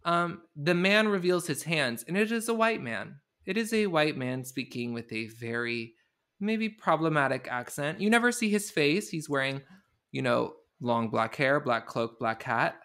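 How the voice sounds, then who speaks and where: A man hosting a podcast, telling the story in an animated, sarcastic way in casual comedic chat. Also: on the high side, a little slow. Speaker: podcast host.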